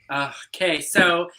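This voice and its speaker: A man's voice: high-pitched, bright, forceful tone. A man co-hosting a casual drag show review, chatting in a campy, playful, teasing way. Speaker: drag queen co-host. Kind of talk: casual chat.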